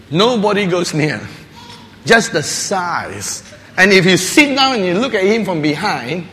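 A man preaching a sermon, telling a lively story with laughs and playful barking sounds. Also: a little high. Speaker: pastor. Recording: long hall reverb with faint ambience.

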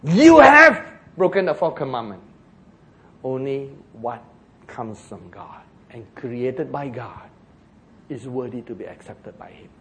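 Lively Singaporean English preacher. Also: male voice, medium pitch, slight background noise. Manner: animated, joking, slows for emphasis. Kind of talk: sermon.

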